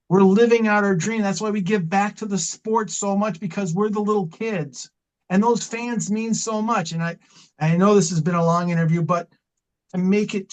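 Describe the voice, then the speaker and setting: A middle-aged wrestling manager with a high, fairly bright voice tells long, impassioned stories in an interview, rambling and repeating himself. The audio quality is poor.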